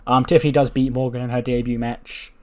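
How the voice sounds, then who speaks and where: A man's voice: medium pitch, flat delivery, brisk. A man casually narrating his wrestling game playthrough, with lots of fillers. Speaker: game streamer. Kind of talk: let's play commentary.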